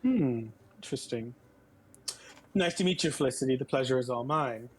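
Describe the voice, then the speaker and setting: A man's voice: medium pitch, fast. A man playing a tabletop game, speaking grandly and theatrically as his character. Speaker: player. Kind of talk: in-character tabletop role-play. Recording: faint background noise.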